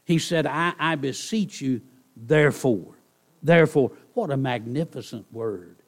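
A man's voice: medium pitch, animated, normal speed. A male pastor giving a sermon in a conversational, pleading manner, often checking in with the congregation. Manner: conversational, repeats "all right?" to the congregation; soft pleading delivery with bursts of emphasis.

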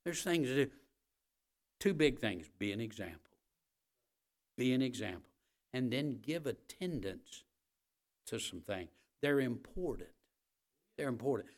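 A man's voice: mid-range voice, big pitch swings, measured pace, pauses often. A man preaching a Wednesday night sermon with passion, rising and falling in force, repeating phrases and stumbling on repeated starts. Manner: impassioned preaching that rises and falls, with repeated phrases. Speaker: pastor.

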